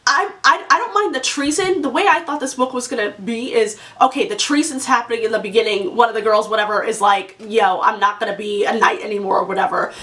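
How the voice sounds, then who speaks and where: A young woman with a fairly high voice vents about books she disliked, exasperated and chatty as she talks straight to her viewers. She sits a little back from the microphone, so her voice sounds slightly distant. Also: lively intonation, fast talker, hardly any pauses, a bit bright. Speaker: book vlogger. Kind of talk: casual ranting book review.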